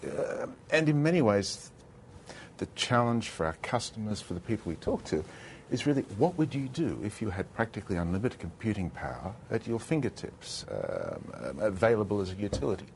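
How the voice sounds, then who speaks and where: A man speaking as an industry guest on a panel, explaining in a measured way. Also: on the low side, big pitch swings, slight background noise. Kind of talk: panel discussion.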